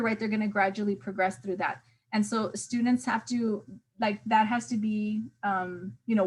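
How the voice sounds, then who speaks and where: A young woman teacher giving a casual recorded review lecture to interns, with frequent fillers and "right?" check-ins. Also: mid-range voice. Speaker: teacher trainer.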